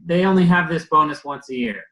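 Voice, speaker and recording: Um homem explicando um bônus à equipe numa reunião descontraída, hesitando e procurando palavras. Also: male voice, a little high, bright, forceful tone, echoey room, low-quality recording. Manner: halting, searches for words. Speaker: coach explaining a bonus to the team. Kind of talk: casual team meeting talk.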